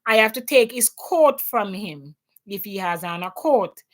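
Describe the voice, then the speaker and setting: This host, a Jamaican woman in Canada, leads an easygoing opinion chat from home, dropping patois into her English and leaning hard on emphasis. She speaks unhurriedly in a mid-range, fairly bright voice with lively intonation.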